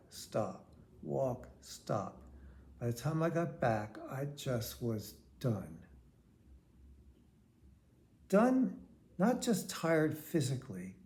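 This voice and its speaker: A man's voice: medium pitch, darkish tone. An older man, telling a rambling, candid personal story. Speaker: vlogger.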